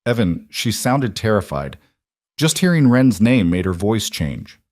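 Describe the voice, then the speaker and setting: A man's voice: on the low side, very animated, unhurried, a little mellow, no echo, clean studio sound. A man voicing a frightened woman who talks in an anxious, hesitant way. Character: frightened woman seeking justice.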